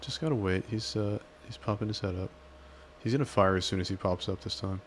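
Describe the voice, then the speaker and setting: A man's voice: fairly low pitch, fairly quick, a little hiss or hum. A young man streaming a shooter game, chatting casually and muttering curses to himself as he plays. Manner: cursing, muttering to himself while playing. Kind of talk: casual gaming chat.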